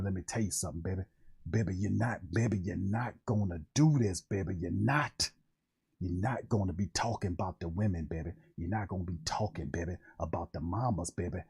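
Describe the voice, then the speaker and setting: Man putting on a deep-voiced old-school reverend. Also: darkish tone, husky, heavily acted. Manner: slow, low preaching drawl repeating "baby".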